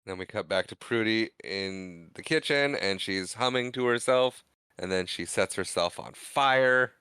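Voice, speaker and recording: A man's voice: on the low side, measured pace, bright, forceful tone, clean tone, dry recording. A man co-hosting a podcast, casually retelling a movie scene by scene and acting out the characters' lines. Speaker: podcast co-host. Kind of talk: casual movie recap chat.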